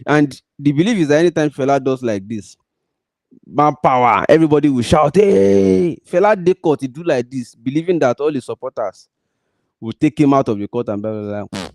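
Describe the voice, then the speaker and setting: Warm and mid-range, a man talks fairly quickly in Nigerian-accented, Pidgin-mixed English, offering earnest direct-address commentary full of emphatic, repeated pleas. The sound is studio quality without echo.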